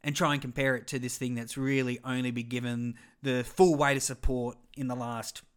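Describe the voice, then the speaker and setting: A man's voice: medium pitch, flat delivery, moderate pace, clear, resonant tone. An Australian man in his thirties hosting a solo podcast, talking in a rambling, self-deprecating way full of digressions. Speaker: podcast host.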